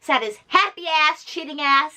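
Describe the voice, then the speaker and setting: A woman vlogger giving casual reaction commentary, blunt and profane. She hammers her points home by repeating them. Her voice is bright and forceful, pitched a little high. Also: expressive, moderate pace.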